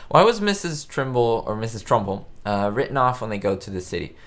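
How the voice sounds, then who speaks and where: Casual male live-stream host, lowish voice, loose and rambling delivery for a facecam chat. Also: big pitch swings, fairly quick, few pauses, fairly bright tone. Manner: rambling and chatty, many fillers and restarts.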